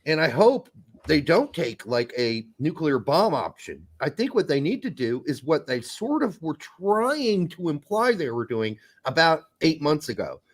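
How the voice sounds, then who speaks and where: This podcast co-host chats casually about soccer in a fairly high, very animated voice, speaking a little slowly. He's blunt and profane, and he keeps jumping into mock voices.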